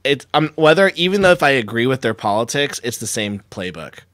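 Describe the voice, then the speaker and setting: A man's voice: medium pitch, sing-song, fairly quick, a bit bright, no echo. A man co-hosting a casual podcast chat, rambling and joking, often mimicking other people's voices in quotes. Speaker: co-host.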